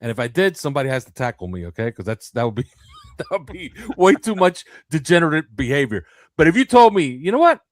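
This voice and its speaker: Animated man on a podcast. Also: on the high side, fast, no echo, studio quality. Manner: animated, laughing, acts out quotes. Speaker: podcast co-host. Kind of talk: casual sports podcast chat.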